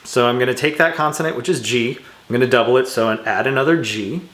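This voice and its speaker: A man at middle pitch teaches English grammar in an easygoing recorded lesson, stopping for dry, self-mocking remarks as he draws. His voice carries a noticeable room echo, as if recorded in a bare room on a shotgun mic. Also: fast talker, fairly bright tone. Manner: casual, self-mocking asides while drawing on screen. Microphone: external shotgun microphone.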